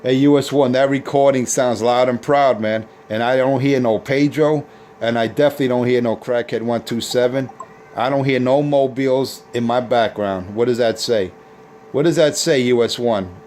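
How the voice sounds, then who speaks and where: A man's voice: medium pitch, steady tone, normal speed, darkish tone, a little hiss or hum. A man on a CB radio taunting rival operators in a boastful, repetitive way. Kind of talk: trash-talking radio banter.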